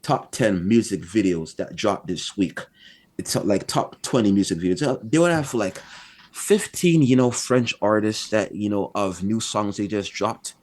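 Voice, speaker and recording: A man's voice: lowish voice, lively intonation, moderate pace, a little mellow. A young man, talking casually as a guest in an interview, rambling and building his points one by one. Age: young adult. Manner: rambling, repeats phrases, builds points by number.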